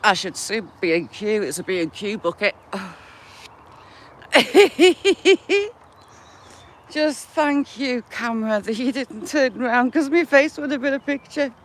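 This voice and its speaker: A woman's voice: fairly high pitch, expressive, takes it slowly. A woman hosting a casual live stream, caught in a helpless snorting laughing fit as she greets viewers by name. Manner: giggly, self-mocking, greets viewers by name. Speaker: livestream host.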